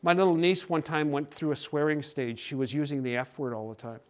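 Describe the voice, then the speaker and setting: An older Canadian man giving a gentle, folksy storytelling talk to a hockey team. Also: fairly high pitch, a little fast. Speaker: speaker on cultural mindfulness.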